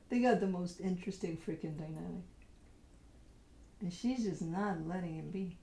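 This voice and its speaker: A woman who hosts tarot readings chats casually at home, cooing at her dogs in baby talk, laughing often, and sometimes dropping to a whisper. Her voice is on the low side and warm, unhurried with long pauses, in an echoey room.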